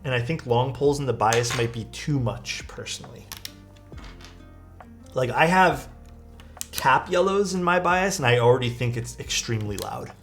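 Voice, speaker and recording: Casual streamer man chatting while building. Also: mid-range voice. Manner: relaxed, chatty, reads and answers chat while working. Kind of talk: casual livestream chat.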